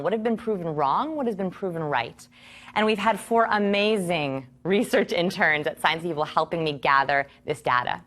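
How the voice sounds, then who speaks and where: A woman in her thirties teaching a course to a live audience, enthusiastic and expressive, asking rhetorical questions. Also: medium pitch. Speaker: course instructor.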